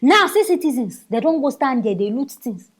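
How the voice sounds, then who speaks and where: Lively high-voiced Nigerian woman commentator. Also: moderate pace. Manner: mocking, exclamatory, chatty. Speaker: news commentator. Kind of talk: casual news commentary.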